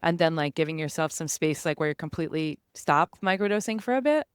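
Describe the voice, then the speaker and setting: A woman hosting an interview podcast talks in a quick, loose, chatty way, sprinkling "like" through her sentences. Her voice is exceptionally clear and smooth, and the recording is dry and close with no room sound. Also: low-pitched, expressive, no echo. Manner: chatty, frequent "like" fillers. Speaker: podcast host. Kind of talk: casual conversational interview.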